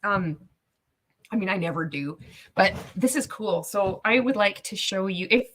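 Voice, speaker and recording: A woman's voice: mid-range voice, animated, unhurried, fairly bright tone, a little hiss or hum. A woman hosting a casual livestream reaction, chatty and laughing often as she talks. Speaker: host.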